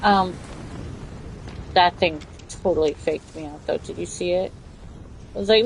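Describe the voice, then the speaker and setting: A woman streaming a game, chatting casually, swearing and yelling for help in bursts. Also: on the low side, a little slow, vocal fry, long pauses, a little hiss or hum, rough recording. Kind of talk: casual gameplay commentary.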